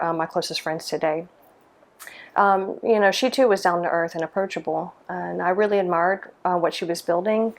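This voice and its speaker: A middle-aged woman from Mississippi, a lighting designer, answering interview questions in a thoughtful way, with many ums and restarts. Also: fairly low pitch. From Mississippi, USA.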